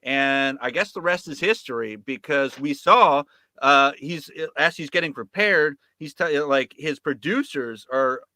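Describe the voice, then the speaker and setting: A man's voice: on the high side, expressive, a little slow, bright, forceful tone, no echo. A man, a filmmaker guest, telling a story in casual talk, profane and sarcastic, with lots of fillers and restarts.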